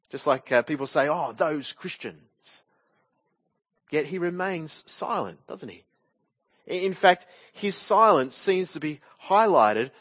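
A man's voice: on the high side, a bit bright, dry recording, dull audio. A man preaching a sermon from a church pulpit, walking through a passage and closing his points with rhetorical tag questions.

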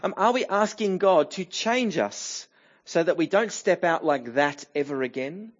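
A middle-aged man preaches a sermon in a church, his voice pitched a little high for a man. He talks conversationally, often pausing with fillers and starting phrases over. The recording sounds somewhat dull and lo-fi. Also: animated. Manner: conversational, with frequent fillers and restarts. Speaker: pastor.

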